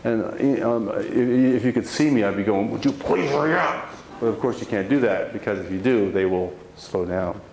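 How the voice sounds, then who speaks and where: A man giving a live motivational talk to an audience, telling a personal story with animated delivery and frequent restarts. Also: on the low side, normal speed, few pauses. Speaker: motivational speaker. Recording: roomy hall sound, faint background noise.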